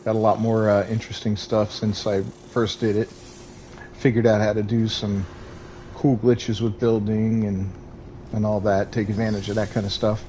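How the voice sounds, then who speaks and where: A man's voice: lowish voice, little pitch movement, moderate pace, warm tone, a little hiss or hum. A man hosting a gaming livestream, chatting casually in a laid-back way and thinking aloud. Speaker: streamer host.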